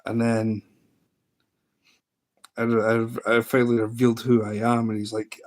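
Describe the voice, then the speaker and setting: A man's voice: medium pitch, monotone, a little slow, long pauses. A man hosting a livestream, telling a story in a rambling, amused way with lots of restarts. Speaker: livestream host. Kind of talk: casual livestream chat.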